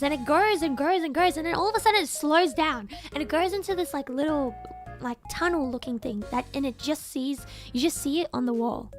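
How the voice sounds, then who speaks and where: A young woman streamer telling a story in casual, animated chat, often breaking into excited shouts. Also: sits high, brisk, soft background music.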